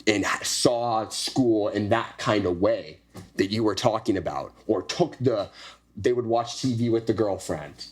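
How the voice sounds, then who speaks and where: A young man hosting a podcast, telling a personal story in a casual, animated way and acting out the dialogue with frequent swearing. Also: lowish voice, unhurried, husky. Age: young adult. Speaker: podcast host. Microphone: podcast studio microphone.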